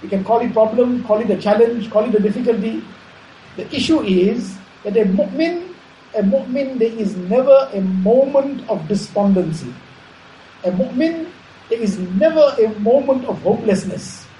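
A man giving a measured Islamic sermon, repeating phrases and explaining Arabic terms. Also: very high voice, expressive, mellow, a little hiss or hum. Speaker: Islamic preacher. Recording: echoey room, faint ambience.

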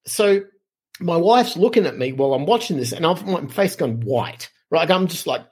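A middle-aged man, a podcast guest telling lively anecdotes in casual conversation. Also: fairly high pitch, normal speed, slightly rough. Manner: animated, lively anecdotes with frequent fillers. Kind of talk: casual storytelling.

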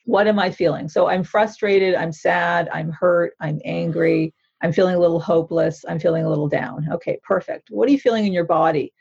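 A woman's voice: fairly low pitch, steady tone, a little fast, gravelly, hardly any pauses, darkish tone, husky, highs cut off. A woman therapist explaining a mindfulness practice in an interview, in an earnest, instructive way that often checks in with the listener. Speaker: therapist author.

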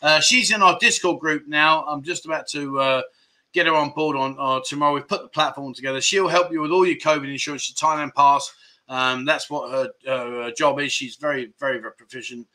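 Broadcasting from a Pattaya livestream set, a man in his 50s runs a casual chat show, chattily working through viewer comments with lots of fillers and self-corrections. His fairly high voice sounds brisk, pushed and bright.

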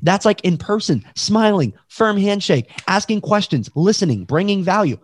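A man being interviewed as a guest, talking in an energetic, emphatic way and acting out examples with his voice over a video call. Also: high-pitched, moderate pace, breathy edge, no echo. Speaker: realtor and guest. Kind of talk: casual podcast interview.

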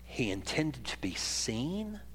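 A man's voice: medium pitch, sing-song, slow pace, slight background noise. Dynamic male pastor preaching. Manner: dynamic preaching, swinging from loud emphasis to quiet; reads scripture aloud in a raised voice. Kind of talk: sermon.

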